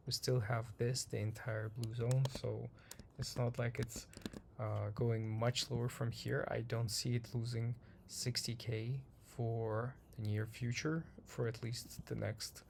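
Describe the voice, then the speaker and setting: A man hosting a daily market review, talking casually through charts in a slightly hoarse voice, rambling and repeating himself with many ums. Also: mid-range voice, level tone, unhurried, darkish tone, slight background noise. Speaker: trading channel host.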